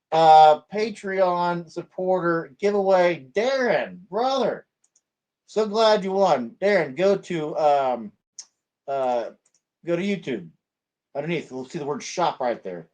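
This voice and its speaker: A man's voice: high voice, lively intonation, measured pace. A man hosting his own video channel, talking in a chatty, upbeat way with plenty of fillers. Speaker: channel host. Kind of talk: casual vlog chat.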